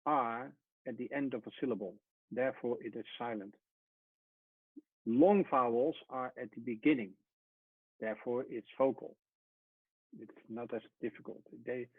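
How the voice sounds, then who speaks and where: Husky man teaching at a whiteboard. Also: mid-range voice, no echo. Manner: explains step by step, repeats, trails off softly. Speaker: Hebrew teacher. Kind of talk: whiteboard lesson. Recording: tinny phone-like sound.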